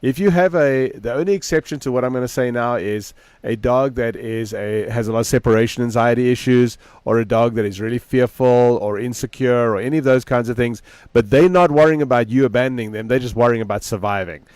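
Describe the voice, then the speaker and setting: A middle-aged man co-hosts a casual dog-training podcast. He tells lively stories and acts out the voices of the people in them. His voice sits at a middling pitch and is recorded close and dry. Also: brisk, smooth, no echo. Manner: animated storyteller, acts out quoted people.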